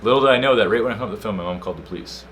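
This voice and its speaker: A young man co-hosting a casual podcast, telling a story with slang and loud acted-out quotes. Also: on the low side, racing, a little hiss or hum. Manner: animated storyteller, slangy, acts out quotes loudly. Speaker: podcast co-host.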